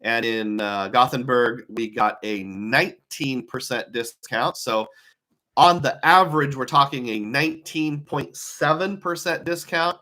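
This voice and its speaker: A man's voice: mid-range voice, a little slow, bright, forceful tone. A man giving a casual live talk to viewers on travel rewards, musing aloud and asking many rhetorical questions.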